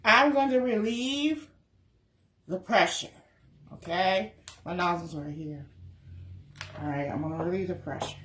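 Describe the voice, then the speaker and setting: A woman talking through her cooking in a casual vlog, full of drawn-out excited exclamations. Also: fairly low pitch, slight background noise. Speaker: cooking vlogger. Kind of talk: casual cooking video talk. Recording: echoey room.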